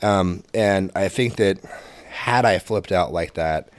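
A man's voice: sits low, slow pace, dry recording, clean studio sound. A man in his thirties chatting on a podcast, rambling and restarting his sentences with a chuckle. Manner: rambling, self-correcting, chuckling. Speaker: podcast co-host. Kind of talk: casual chat.

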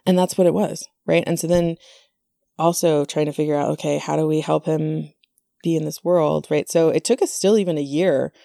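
A woman's voice: deep voice, steady tone, moderate pace, creaky, mellow, no echo, clean studio sound. A woman hosting a casual conversation, chatty, with many fillers and asides.

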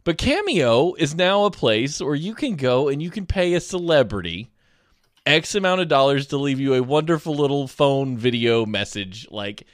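A man's voice: medium pitch, very animated, moderate pace, dry recording, clean studio sound. A man hosting a comedic news podcast, talking casually with goofy, rambling asides and playful jokes. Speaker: podcast host.

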